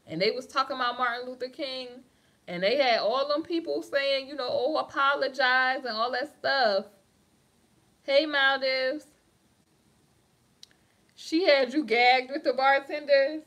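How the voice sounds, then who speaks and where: A woman's voice: sits high, fairly bright tone. A woman hosting a casual celebrity gossip livestream, chatty and calling her viewers "honey" as she reads their comments. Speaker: livestream host. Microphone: phone or webcam on a live stream.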